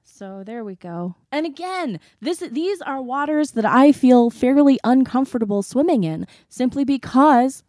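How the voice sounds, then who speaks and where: A woman's voice: sits high, animated, measured pace, few pauses, warm tone, no echo, studio quality. Tentative woman co-hosting a podcast. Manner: tentative, chiming in, agreeing. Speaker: podcast co-host. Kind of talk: casual conversation. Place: hot living room.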